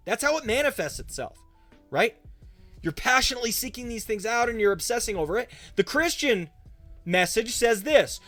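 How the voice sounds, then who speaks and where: A young pastor with a fairly high voice chats loosely with his livestream viewers, picking up their questions as he goes. The sound is dry and close to the mic, with faint music playing under his voice. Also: a bit bright, dry recording. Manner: casual, conversational, answers chat questions. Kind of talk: livestream Q&A talk.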